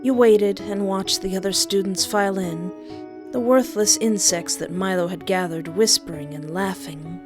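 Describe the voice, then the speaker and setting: A woman's voice: medium pitch, normal speed. A woman reading a second-person story aloud and breaking off with playful comments of her own. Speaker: story reader. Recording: background music under voice.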